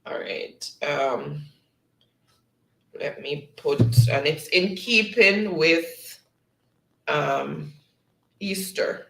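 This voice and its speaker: A man's voice: fairly high pitch, very slow, creaky, pauses often, pushed and bright, roomy sound, low-quality recording. A man with a Jamaican accent hosting a casual live-stream quiz, reading chat messages aloud and laughing often.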